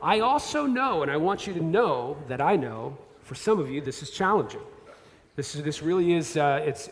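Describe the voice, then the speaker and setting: Pastor preaching in a reverberant hall. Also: male voice, on the high side. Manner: conversational and self-deprecating, with asides and restarts. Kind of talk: sermon. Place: church sanctuary.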